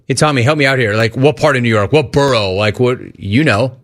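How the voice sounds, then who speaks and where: A middle-aged man from Southern California hosting a sports talk radio show, animated and playfully ribbing his callers. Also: mid-range voice, fairly quick, few pauses.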